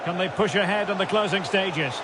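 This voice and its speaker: A man giving scripted football commentary in a video game, brisk short calls that rise at big chances. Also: sits high, close to an everyday voice. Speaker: play-by-play commentator. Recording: loud game crowd noise behind.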